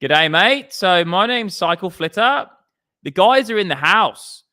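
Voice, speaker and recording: A man's voice: high voice, expressive, a little slow, pushed and bright, voice pushed up, heavily acted. A man putting on an Australian accent to play a cheerful woman trader. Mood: chirpy. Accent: put-on Australian. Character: woman playing an Australian lady trader, chirpy.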